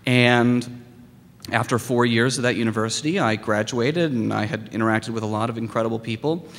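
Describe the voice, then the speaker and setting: Man, thirties, conductor addressing students; lively storyteller who acts out voices, heard in a reverberant hall. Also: medium pitch, a little fast. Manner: animated, acts out quoted voices, self-deprecating humor. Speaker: conductor giving a talk to students. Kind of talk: motivational speech.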